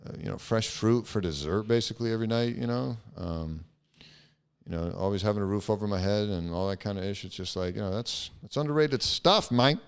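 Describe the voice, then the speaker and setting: Rambling, profane young man with a smooth low voice. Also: fairly quick. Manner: rambling, profane, frequent fillers. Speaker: podcast host. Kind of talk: casual solo podcast monologue.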